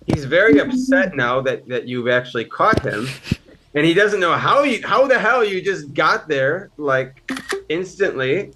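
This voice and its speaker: A man runs an improvised tabletop game, narrating with a lively, swooping voice that sits a little high. He talks loosely and breaks into laughter. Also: a little slow, noisy background. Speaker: game master.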